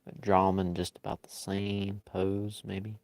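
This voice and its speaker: A man with a fairly low voice chats with viewers as he draws. He talks in an unhurried, easygoing way that often rambles. The sound is dry, with almost no room echo. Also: little pitch movement, a little mellow. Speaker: live-stream artist. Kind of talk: casual chat while drawing.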